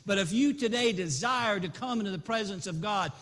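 A man preaching an impassioned sermon that swells into loud appeals. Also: sits high, a little fast. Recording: long reverb in a large hall.

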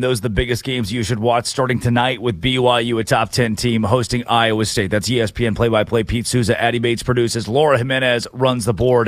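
A man's voice: medium pitch, steady tone, fairly quick, hardly any pauses, dry recording. A man hosting a sports talk show, brash and joking as he gives his picks. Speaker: sports radio host.

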